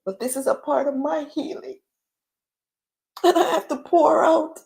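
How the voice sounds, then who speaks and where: Lady on a livestream, teary and preachy, slow and gravelly, high voice. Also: steady tone, darkish tone. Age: adult with children. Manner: tearful, preaching and pleading. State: crying at times. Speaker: livestream host. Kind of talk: emotional livestream talk.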